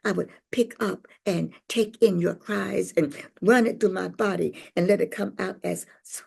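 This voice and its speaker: Gravelly, dark-voiced older woman storyteller. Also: medium pitch, normal speed, few pauses. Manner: rhythmic, playful, acts out voices in stories. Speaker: poet and speaker. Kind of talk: poetry reading and storytelling talk.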